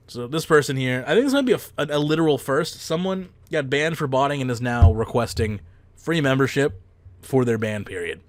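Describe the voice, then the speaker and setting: A young adult man hosting a casual podcast, quick and self-mocking, ranting with bursts of laughter. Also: mid-range voice, big pitch swings, dry recording. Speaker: podcast host.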